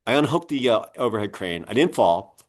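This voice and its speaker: Here the business podcast host, a magazine publisher in his sixties, spins meandering stories full of fillers during a casual interview. His fairly low voice swings widely in pitch, and he speaks fairly quickly.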